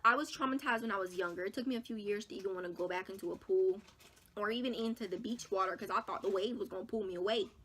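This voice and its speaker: In this storytime vlog, a young woman recounts something personal to viewers, fast-talking and husky. She uses casual slang and is animated and dramatic, with large jumps in pitch and loudness.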